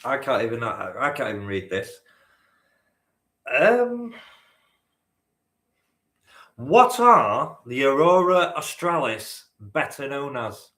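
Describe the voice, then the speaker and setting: A man's voice: mid-range voice, very animated, slow, long pauses, sharp tone. A man hosting a live-stream quiz, bantering with the chat, teasing and swearing casually. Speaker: quiz host. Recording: roomy echo.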